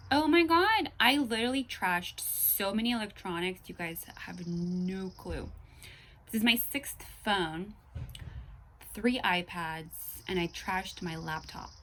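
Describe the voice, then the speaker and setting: A woman's voice: lowish voice, fairly bright tone, a little hiss or hum. A young woman vlogger ranting to camera in an exasperated way, swearing and at times dropping into whispers.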